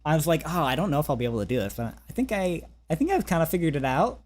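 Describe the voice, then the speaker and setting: A man coaching singing in a relaxed online session, talking gently with many restarts and fillers, now and then singing a few scale notes. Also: on the high side, rapid-fire. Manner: sings short scale demos. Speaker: vocal coach. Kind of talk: casual vocal lesson over a call.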